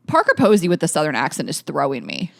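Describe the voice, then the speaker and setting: A woman's voice: low-pitched, huge pitch swings, fast talker, creaky, no room sound, clean studio sound. A woman in her thirties co-hosting a podcast, chatting casually and laughing often. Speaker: podcast co-host. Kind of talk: casual chat.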